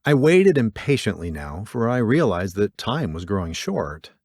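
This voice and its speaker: A man narrates a story in a low voice with a lively, swinging delivery. He lifts his voice for dialogue and sinks it for the tags. The recording is dry and close. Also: normal speed, no echo. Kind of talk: audiobook narration with character voices.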